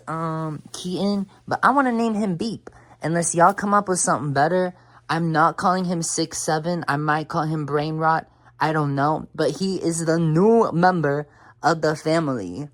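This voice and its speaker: A young woman vlogging in a casual, rambling way, full of fillers and the odd swear word, who gets soft and quiet when she opens up. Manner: drops to a soft, low voice when talking about her fears. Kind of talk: casual chatty vlog talk.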